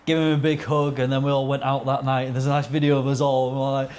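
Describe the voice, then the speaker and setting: A man's voice: mid-range voice, little pitch movement, fast talker, darkish tone, slight background noise. A young man, a podcast guest telling rambling anecdotes in casual chat, swearing and acting out quotes. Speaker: podcast guest, racing driver.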